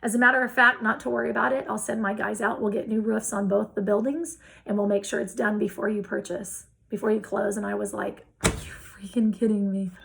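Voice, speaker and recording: Gravelly-voiced woman telling a lively story. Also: mid-range voice, brisk, few pauses, low-quality recording. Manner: animated storyteller acting out quoted dialogue. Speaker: real estate investor guest. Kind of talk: storytelling in a casual interview.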